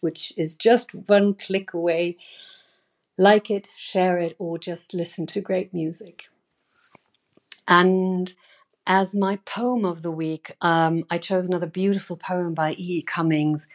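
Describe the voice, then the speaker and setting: Female newsletter host reading aloud at home; slow, earnest, leaning hard on key words. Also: fairly low pitch, darkish tone. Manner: earnest, emphatic reading with sudden stressed words. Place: bedroom.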